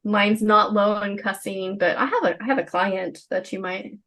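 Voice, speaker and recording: A woman's voice: mid-range voice, moderate pace, a bit bright. Woman co-host chiming in. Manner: brief, agreeable interjections. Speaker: podcast co-host. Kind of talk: casual chat.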